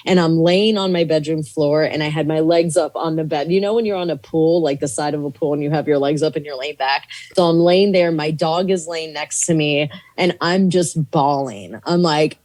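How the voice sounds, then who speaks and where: Low-voiced woman, swearing storyteller. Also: fairly quick, few pauses, darkish tone. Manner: swears freely, acts out quoted lines; rambling, chatty with many "like" fillers. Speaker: comedian and actor, podcast guest. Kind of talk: casual podcast storytelling.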